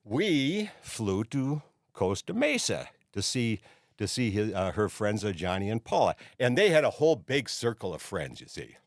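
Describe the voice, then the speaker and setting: An older man with a lowish, very animated voice hosts his own show at a moderate pace, recorded in clean studio sound with no room noise. In a casual storytelling monologue, he rambles through a long anecdote, saying "you see" over and over.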